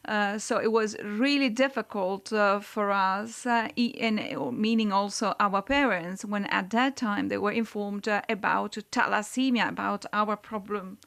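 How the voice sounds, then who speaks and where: A woman interpreting a speaker's words into English in the first person. She speaks haltingly, with many fillers and pauses. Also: medium pitch, vocal fry, fairly bright tone. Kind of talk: simultaneous interpretation.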